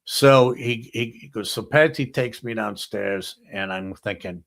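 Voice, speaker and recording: A man's voice: on the low side, measured pace, gravelly. Profane storytelling male talk host. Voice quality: animated, profane storytelling with many "he goes". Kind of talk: anecdotal storytelling on a talk show.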